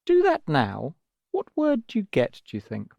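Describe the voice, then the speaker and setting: An English-accented man leads a children's audio lesson, patient and gentle as he explains each step. His pitch rises and falls in a lively, sing-song way. The recording is dry and close, with no room sound. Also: moderate pace, creaky, dry recording. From England. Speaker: language teacher.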